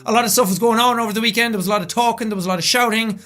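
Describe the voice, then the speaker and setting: A young man with a raspy, strained voice, excitedly recapping events in a casual vlog. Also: high voice, very fast. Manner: loud, excitable talker. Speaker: YouTuber.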